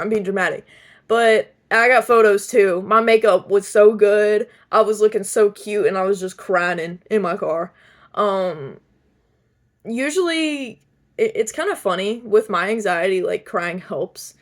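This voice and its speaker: Young woman yapping to her camera, lots of likes and ums, laughs a bunch, mid pitch. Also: normal speed. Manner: chatty, laughs often, many fillers and restarts. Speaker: vlogger. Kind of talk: casual chat.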